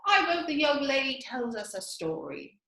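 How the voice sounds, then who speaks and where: Brief: woman as a loud, eager March Hare, high and lively, echoey room. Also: moderate pace, full character voice. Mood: insistent. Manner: eager, insistent. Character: pushy, earnest male March Hare. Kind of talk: storybook reading. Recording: roomy echo.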